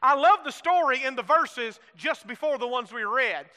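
A man's voice: very high-pitched, animated, normal speed, bright, forceful tone. A man preaching a sermon with folksy humor, prompting the congregation to repeat phrases and acting out the disciples' lines. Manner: preaching with call-and-response prompts. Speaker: pastor. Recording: long hall reverb.

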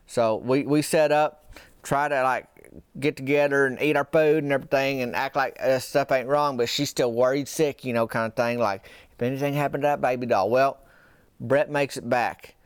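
A man rambles through a comic tale in loose folksy dialect. His voice is smooth and resonant, recorded dry and close with no room sound. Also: mid-range voice, steady tone, normal speed, no room sound. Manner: rambling folksy yarn-spinning with dialect grammar. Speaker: storyteller. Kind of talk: comic storytelling monologue.

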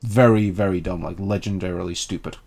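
A man's voice: deep voice, steady tone, fairly quick, darkish tone. Matter-of-fact man running a tabletop game. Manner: explains rules matter-of-factly. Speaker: game master.

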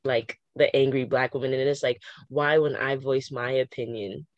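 A young woman in casual conversation, talking in an animated way with quick restarts and frequent laughter. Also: extremely low pitch, no echo, lo-fi sound.

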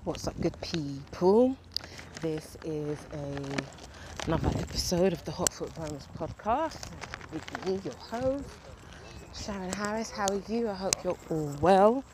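A woman's voice: lowish voice, measured pace. A woman hosting a casual solo podcast while walking through a windy park on a headset mic, slightly out of breath, chatty and rambling with casual swearing. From England. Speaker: podcast host. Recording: outdoor wind and street noise.

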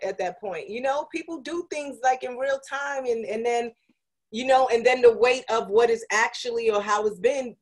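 A woman who works in radio, a guest on a podcast, talking things through in a reflective, casual way with lots of "you know". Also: a little high. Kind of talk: casual chat.

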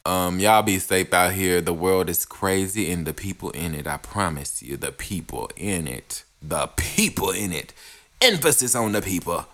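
A man's voice: low voice, lively intonation, a bit bright. A young man hosting a casual solo podcast, rambling and playful. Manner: rambling, playful, drawn-out delivery. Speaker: podcast host.

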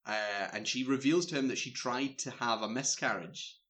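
Man, casual podcast chat, rambling film recap full of "like" and "um", mid-pitched voice. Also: normal speed. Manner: rambling, filler-heavy, animated retelling.

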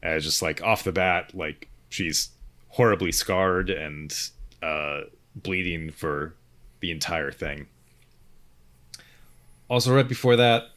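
A man's voice: deep voice, fairly bright tone. A man co-hosting a casual podcast, talking in a hesitant, hedging way with many restarts. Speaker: podcast co-host. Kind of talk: casual movie review chat.

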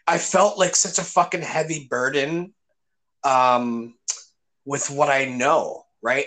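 A podcast co-host talks slowly and thoughtfully in a casual chat. Words stretch out, and casual swearing slips in now and then. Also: mid-range voice, a bit bright.

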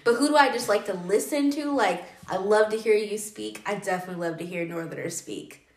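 A woman in casual, animated chat, quick to laugh and to question herself. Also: mid-range voice, roomy sound.

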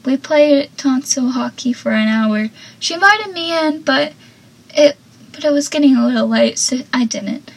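A woman's voice: sits high, lively intonation, moderate pace, breathy edge, heavily acted, low-quality recording. A woman reading a cocky teen boy. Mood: teasing. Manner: teasing, then blunt and annoyed. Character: cocky teenage boy confronting his best friend.

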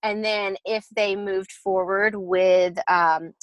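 A woman's voice: mid-range voice, steady tone, slow pace, no room sound, rough recording. A woman interior designer explaining her work process in a casual interview, chatty and full of fillers and restarts.

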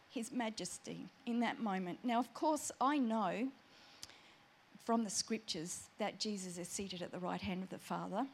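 A woman telling a personal prayer story in an animated, chatty sermon. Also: fairly high pitch, moderate pace, slight background noise. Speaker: preacher.

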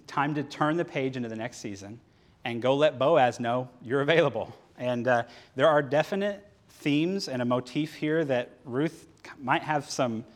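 Pastor preaching in a reverberant church hall. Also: male voice, medium pitch. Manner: animated storyteller who acts out the scripture dialogue. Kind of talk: sermon. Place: church sanctuary during a service. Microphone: handheld or headset microphone.

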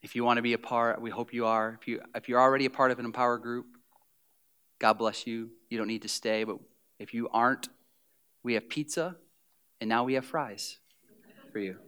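A man preaching a sermon as pastor, animated, acting out little scenes and sometimes dropping to a near whisper. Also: mid-range voice, brisk, long pauses, clean tone.

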